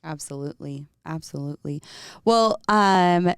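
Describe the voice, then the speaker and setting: A woman hosts a podcast with a very low voice. She talks in an easygoing, chatty way and laughs easily. The sound is dry, with no room around it. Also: moderate pace, warm tone, no echo. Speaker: podcast host. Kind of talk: casual interview conversation.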